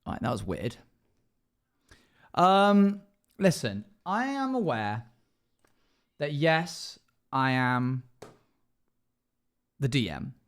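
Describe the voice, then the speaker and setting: A man's voice: medium pitch, big pitch swings, very slow, long pauses. A man streaming live as a dungeon master, chatting emotionally and rambling as he reacts to chat. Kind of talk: casual livestream chat.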